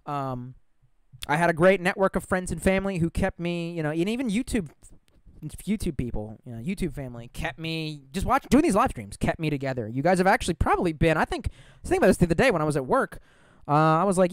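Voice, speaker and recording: A man's voice: a little high, very animated, quick pace, dry recording. A man chatting frankly on a live stream, rambling, swearing freely and reading out viewer comments.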